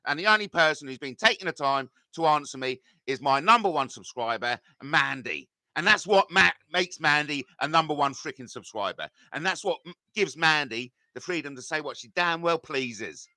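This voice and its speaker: A man's voice: fairly high pitch, lively intonation, moderate pace, few pauses, pushed and bright, no room sound, clean studio sound. A middle-aged man, live-streaming and reading out chat comments in a combative, rambling way full of swearing.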